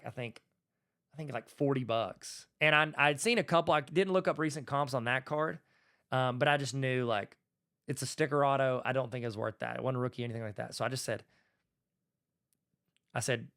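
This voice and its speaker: The host of a solo podcast, a man who is also an educator, talks at a fairly quick pace in a medium-pitched, slightly bright voice. His style is folksy and conversational, with bits of dialogue acted out along the way.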